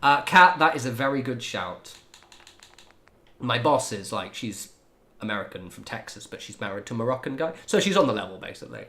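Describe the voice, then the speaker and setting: A man's voice: mid-range voice, animated, fairly quick, bright, forceful tone. A man chatting casually to his viewers while he plays a game on a livestream, laid-back, laughing often and swearing freely. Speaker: game streamer.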